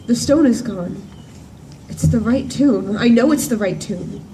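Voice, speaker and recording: A woman in a church performing a monologue as a grief-stricken woman disciple at the empty tomb. She speaks earnestly and in measured phrases, with emphatic repetitions. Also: on the high side, lively intonation, dark tone, slight background noise. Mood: grieving. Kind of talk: dramatic first-person monologue. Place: church service at sunrise. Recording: distant voice with faint room ambience.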